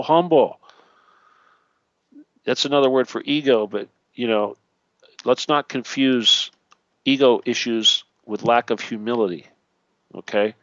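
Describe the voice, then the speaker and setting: A man's voice: medium pitch, a bit bright, no echo, lo-fi sound. A man hosting an internet radio talk show, teaching in a preachy way, often checking in with "okay" and "all right" and adding jokey asides.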